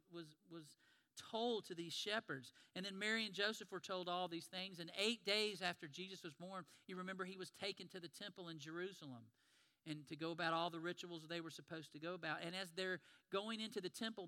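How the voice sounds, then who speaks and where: A man's voice: high voice, sharp tone, long reverb tail. A man preaching a sermon in a conversational storytelling way, retelling scenes and acting out the lines.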